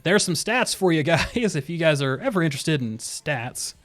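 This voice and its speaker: Here a young male streamer chats loosely while gaming, his voice a little high, expressive and a bit bright at a normal speed. He stays relaxed, rambles off on asides and keeps laughing to himself.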